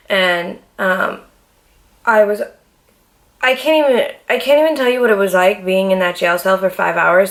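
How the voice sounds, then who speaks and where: A woman's voice: mid-range voice, a bit bright. A young adult woman vlogger telling a personal story in a casual, blunt, profane way, full of fillers.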